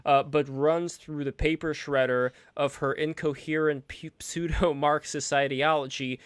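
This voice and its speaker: A man's voice: fairly high pitch, steady tone, measured pace, clean tone, no room sound, studio quality. A man hosting a casual online stream, rambling between topics and reading out viewer donations. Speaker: stream host.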